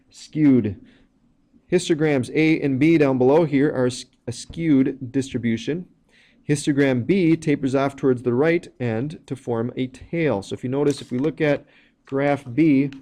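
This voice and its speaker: A man with a mellow, medium-pitched voice teaches math in a recording, working through each step in plain explanatory fashion with some fillers.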